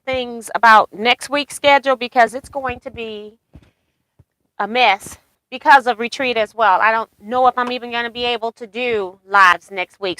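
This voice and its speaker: A woman's voice: a little high, fairly bright tone, dry recording, rough recording. A woman hosting a casual quilting live chat, rambling about her plans and reading viewer comments aloud. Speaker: quilting livestream host.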